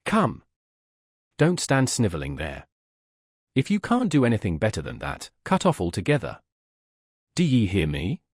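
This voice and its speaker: A surly, brutal housebreaker, as a male narrator puts him on, growls out savage demands in a husky voice. The reading rises and falls in lively swings. It is heard in an audiobook. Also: on the low side, moderate pace, long pauses, dry recording, studio quality, exaggerated voice. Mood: gruff.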